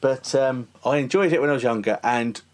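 A man's voice: medium pitch, brisk. A man hosting a casual film podcast, chatty and laughing often. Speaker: podcast host.

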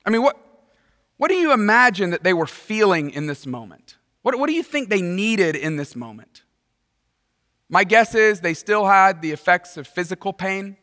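Preacher guy, high bright voice, animated and playful, acts out the people in the story, long hall echo. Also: normal speed. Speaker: pastor. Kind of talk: sermon. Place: large church auditorium.

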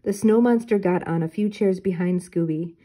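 An older woman reading a children's storybook aloud in clear, even narration. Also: fairly low pitch, moderate pace. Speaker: storybook reader.

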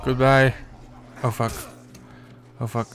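A man's voice: medium pitch, little pitch movement, slow, fairly bright tone. A man commentating his own gameplay, exasperated and swearing constantly while muttering to himself. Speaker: let's play gamer.

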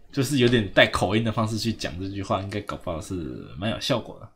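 A man's voice: fairly low pitch, animated, normal speed, gravelly, a bit bright, breathy edge. A man with a Taiwanese Mandarin accent giving casual, joking commentary on a game he is playing. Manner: joking, mocking, laughing asides. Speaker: game streamer. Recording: faint background noise.

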